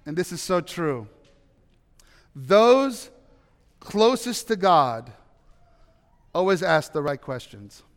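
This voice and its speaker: A man preaching a sermon, telling stories animatedly, with loud bursts of emphasis and quiet asides. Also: high-pitched, sing-song, takes it slowly, long pauses. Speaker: pastor. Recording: long hall reverb.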